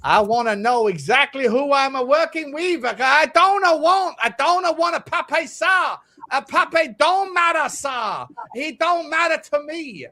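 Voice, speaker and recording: A man putting on an over-the-top fake Italian accent as a boastful football manager. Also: a little high. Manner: exaggerated stage Italian accent, drawn-out words.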